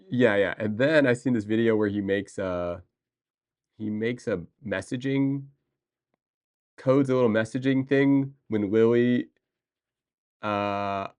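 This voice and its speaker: A man on a livestream, talking casually to his viewers and answering their chat. He rambles excitably, restarting his sentences as he goes. His voice sits a little low for a man.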